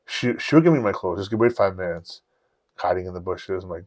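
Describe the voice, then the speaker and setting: Guy hosting a podcast, swears a lot, acts out dialogue, middle pitch, dry close sound. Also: a little fast, darkish tone, dry recording. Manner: profane, rambling, acts out quotes. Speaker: podcast host. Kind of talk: casual storytelling.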